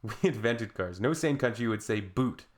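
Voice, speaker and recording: A man's voice: fairly low pitch, expressive, normal speed. A man hosting reaction commentary in a sarcastic, mocking way. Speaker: reaction video host.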